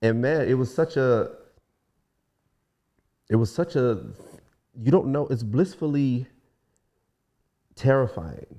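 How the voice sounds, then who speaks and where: A man's voice: mid-range voice, slow pace, long pauses. A young man from Washington DC, a guest singer, telling stories in a casual podcast interview and acting out the people he quotes. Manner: relaxed storyteller, acts out quoted voices.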